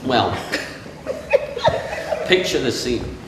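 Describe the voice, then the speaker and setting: Speaking very slowly and with great animation, this middle-aged man from England has a medium-pitched voice. He's the best man, giving a funny wedding speech from memory in which he tells stories and mimics the people in them. It was captured at a distance in a castle's large reception room, so it's echoey and carries room noise.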